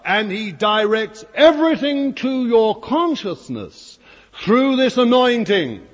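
Husky-voiced preacher in a hall. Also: male voice, high-pitched. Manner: fervent, emphatic preaching with asides to the congregation. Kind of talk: sermon. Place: church hall before a congregation. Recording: dull, lo-fi recording with long hall reverb.

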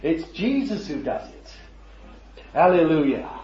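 Preacher with a lively, high voice. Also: male voice, a little slow. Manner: conversational, full of rhetorical questions, chuckling. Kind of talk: sermon. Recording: roomy, dull lo-fi recording.

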